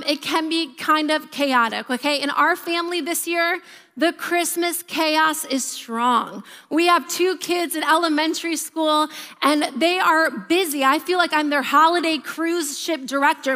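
Woman pastor, sermon, high voice, long church-hall reverb. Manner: lively storytelling, varied pace. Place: church auditorium.

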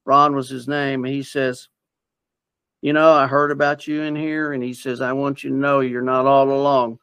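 A man's voice: medium pitch, little pitch movement, normal speed, a bit bright, clean tone, no echo. A man earnestly telling a personal story in a rambling, casual way. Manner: earnest, rambling, with many fillers and restarts. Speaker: interviewee sharing personal story.

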